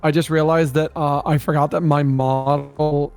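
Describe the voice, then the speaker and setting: Playful giggly man, higher voice. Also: level tone, moderate pace, music in the background. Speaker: co-host of a stream reading a document. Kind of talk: casual joking stream chat.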